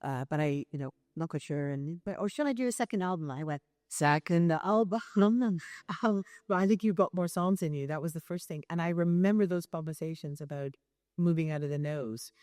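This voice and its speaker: A woman's voice: low-pitched, a little fast, mellow, no echo, studio quality. A woman, a theatre director and guest, explaining ideas in a thoughtful, sometimes hesitant way during an on-stage conversation.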